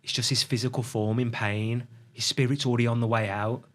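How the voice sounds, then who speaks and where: A middle-aged man telling a personal story as a podcast guest, reflective and halting, often restarting his sentences. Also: medium pitch, level tone, fairly bright tone.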